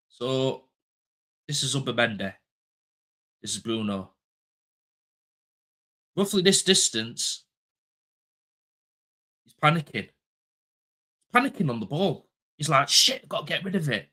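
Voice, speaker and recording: A young man ranting about his football club in a casual chat show, his voice bright and forceful. He hammers home each point by repeating it and swears without a second thought. His pitch sits in the ordinary middle range for a man. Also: sing-song, slow pace, long pauses. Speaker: football fan pundit.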